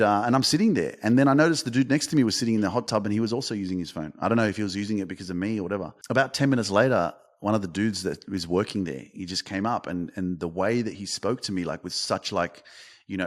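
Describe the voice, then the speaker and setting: Swearing, animated Australian man. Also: fairly low pitch, quick pace. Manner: animated, heavy swearing, storytelling with restarts. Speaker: podcast host and coach. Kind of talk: casual motivational monologue.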